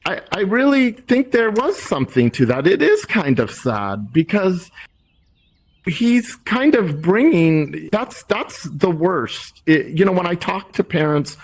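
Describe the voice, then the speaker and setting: A middle-aged man talking in a casual group discussion, thoughtful and rambling with many restarts. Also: fairly high pitch. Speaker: discussion host.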